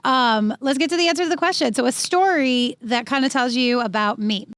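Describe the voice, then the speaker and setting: Lively woman telling a story, dry sound. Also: sits high, a little fast, dry recording. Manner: animated, acts out quoted people. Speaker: podcast co-host. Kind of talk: casual storytelling.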